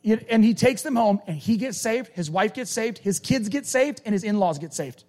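A male preacher giving a conversational, animated sermon and acting out quoted lines. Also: high voice, normal speed.

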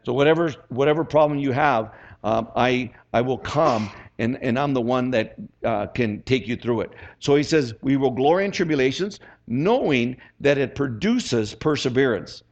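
Chatty preacher man, dull recording. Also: medium pitch. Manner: conversational, keeps asking the congregation "right?"; reads scripture slowly and emphatically. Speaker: pastor. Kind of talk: sermon.

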